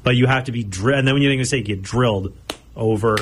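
A man who is a guest, earnestly recounting his past in a relaxed chat. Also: medium pitch, fast, a little hiss or hum. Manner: reflective storytelling, earnest. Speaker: guest speaker. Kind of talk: casual chat.

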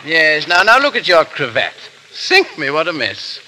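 A foppish English dandy prattles on in a bright, lively voice that swoops up and down. He sounds affected and fussy, and his pitch sits fairly high for a man. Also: moderate pace, a little hiss or hum, exaggerated voice, low-quality recording.

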